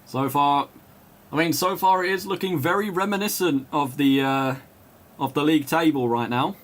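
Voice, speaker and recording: Man doing excitable play-by-play commentary. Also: on the high side. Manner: calls player names in quick bursts, rising to shouts on goals; chats and laughs with viewers between calls. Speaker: match commentator.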